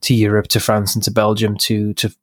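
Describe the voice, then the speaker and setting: Low-voiced hesitant man chatting on a podcast. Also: monotone, fairly quick, dry recording, studio quality. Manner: hesitant, repeats words, thinking aloud. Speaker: podcast co-host. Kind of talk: casual podcast chat.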